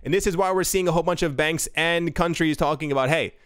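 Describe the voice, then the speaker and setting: A man's voice: on the high side, fast talker, fairly bright tone, clear, resonant tone, dry recording, studio quality. Chatty rambling male crypto host. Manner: rambling, self-correcting, chatty asides. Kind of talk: casual news commentary reading articles.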